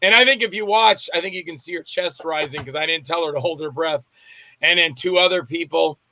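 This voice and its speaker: A man, a film director, telling lively anecdotes in a casual interview, acting out the voices in his stories. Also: a little high, fairly quick, slight background noise. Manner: animated anecdotes, acts out voices and shouts. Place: Tampa area, Florida.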